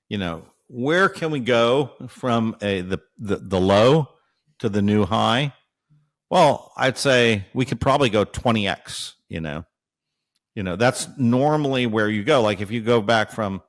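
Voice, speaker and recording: A man being interviewed as an analyst, explaining at length while thinking aloud, with many fillers and checks like "right?". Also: lowish voice. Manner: frequent hesitations and fillers. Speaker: guest analyst.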